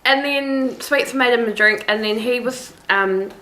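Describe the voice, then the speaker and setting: A woman's voice: a little high, a little slow, echoey room, rough recording. A young woman from New Zealand with a New Zealand accent, chatting casually as a flight attendant co-host and acting out the voices in her stories. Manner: animated storyteller acting out dialogue. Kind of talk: casual chat, storytelling.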